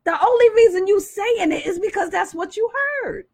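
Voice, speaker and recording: High-pitched woman preaching on a faith talk show, emphatic, call-and-response. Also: normal speed, a little mellow. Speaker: co-host.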